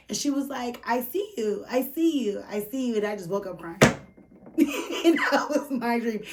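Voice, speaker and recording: Her voice is on the high side and the mic sits some way off. As a podcast host casually telling a personal story, she's candid, curses, leans on filler words, and gets emotional enough to almost cry at times.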